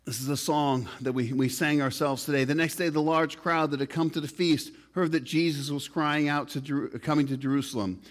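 A male pastor preaches a sermon, reading scripture aloud briskly with few pauses. His intonation is fairly even overall, though his pitch and volume rise and fall for emphasis.

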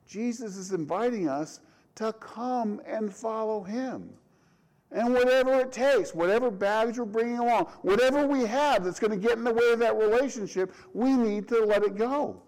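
A man's voice: high voice, normal speed, a little mellow, low-quality recording. A middle-aged man, a pastor, delivering a conversational sermon with frequent restarts and rhetorical questions.

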